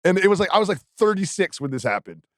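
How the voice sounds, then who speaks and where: High-voiced man joking on a podcast. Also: very animated, dry recording, clean studio sound. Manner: joking, self-deprecating, quick laughs. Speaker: podcast co-host. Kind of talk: casual sports podcast chat.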